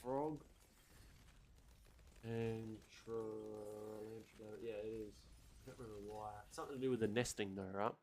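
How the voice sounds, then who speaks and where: A young man chatting casually while streaming a game, rambling and swearing with animated wonder. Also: on the low side, measured pace, pauses often, a little hiss or hum. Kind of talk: casual chat while gaming.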